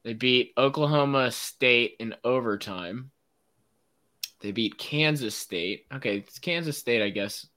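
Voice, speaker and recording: A man's voice: mid-range voice, measured pace, sharp tone. A man hosting a casual sports podcast, ranting with strong opinions and frequent laughs. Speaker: podcast host.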